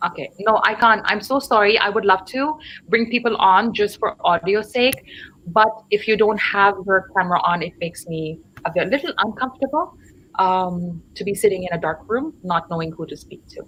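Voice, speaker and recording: Bright-voiced woman teaching on a live call. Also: mid-range voice, moderate pace, slight background noise, low-quality recording. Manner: chatty, explanatory, checks in with 'right?' and 'okay?'. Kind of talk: live online English lesson.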